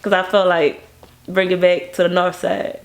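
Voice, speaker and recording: A woman from Baton Rouge speaks with a gravelly, fry-tinged edge in her voice. She tells stories in a casual interview as a music video director, with animated energy. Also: normal speed. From Baton Rouge, Louisiana. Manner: animated, acts out quoted people in a higher voice.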